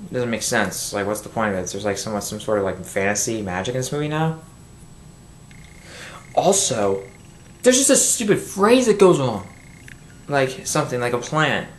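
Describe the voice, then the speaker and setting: A fed-up man tearing into a film in a rambling, cursing rant, often breaking off and starting sentences over. His voice sits at a middling pitch. It comes through a built-in camera mic in a roomy, echoing space with a faint hiss behind it. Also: expressive, moderate pace, long pauses. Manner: exasperated, rambling, swears, restarts sentences. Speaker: film reviewer. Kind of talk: angry movie review rant. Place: home room. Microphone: built-in camera microphone.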